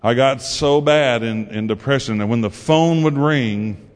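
A man's voice: mid-range voice, unhurried. Folksy man preaching in a reverberant church hall. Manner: folksy storytelling, acts out quotes. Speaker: preacher giving testimony. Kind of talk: sermon testimony.

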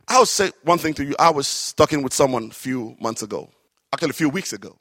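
A man preaching a sermon, telling stories with animated, drawn-out emphasis on key phrases. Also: medium pitch, no room sound, studio quality. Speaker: works alongside a psychiatrist in an office.

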